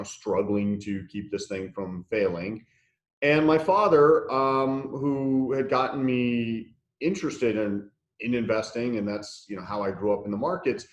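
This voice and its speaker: A man's voice: on the low side, echoey room. A man telling his story as an interview guest, blunt and profane, laughing through the funny parts. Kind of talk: candid conversational storytelling.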